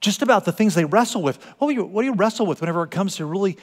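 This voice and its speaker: A male pastor preaching a sermon with animated delivery, swinging between loud exclamations and quiet asides. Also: sits high, very fast, big-room sound. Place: church sanctuary.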